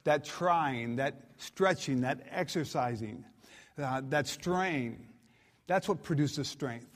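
Speaking slowly in a slightly high voice, a guest preacher delivers a sermon in a large church auditorium. He reads scripture and tells homespun stories in a folksy, conversational way.

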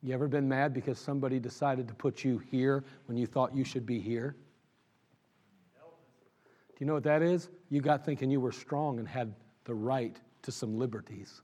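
A male pastor preaching a sermon, swinging between loud exhortation and low, intimate talk. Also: normal speed.

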